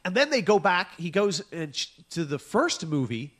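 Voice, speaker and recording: A podcast co-host with a high, sing-song, fairly bright voice rants in casual comedic chat at a normal speed. He's animated and profane, often acting out his own exasperated reactions.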